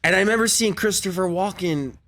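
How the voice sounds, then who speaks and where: A man's voice: high voice, a bit bright. A man in his forties, a guest on a talk show, telling stories and often breaking into laughter. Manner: giggly, quick to burst into laughter. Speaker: actor guest.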